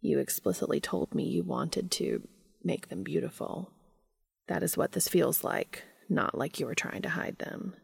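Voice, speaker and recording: A woman voicing a calm, earnest male angel who talks softly and breathily in formal phrases. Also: lowish voice, moderate pace, gravelly, hardly any pauses, husky, full character voice. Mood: gentle.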